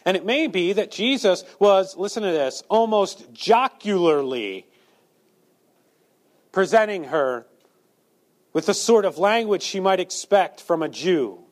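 Male preacher, sermon, high voice, very lively pitch, rhetorical questions. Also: a little slow. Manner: rhetorical questions, acted-out quotes.

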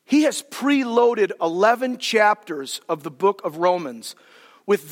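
A male pastor preaching a sermon in a church hall, animated and colloquial as he explains Scripture. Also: high-pitched, a little slow. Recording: hall with long reverb.

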